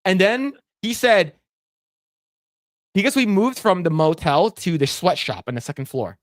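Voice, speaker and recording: His voice sits high and moves a little slowly as this podcast co-host rambles through a gaming story, laughing often and filling gaps with fillers. It's casual chat and storytelling, recorded at studio quality with no room sound.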